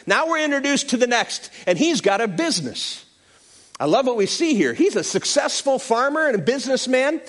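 A man, a pastor, preaching a sermon with animated, playful storytelling and quick asides. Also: very high-pitched.

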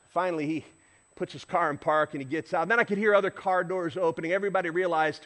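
Telling a story in his sermon, this middle-aged pastor fast and high-pitched, energetically performs shouts and honks.

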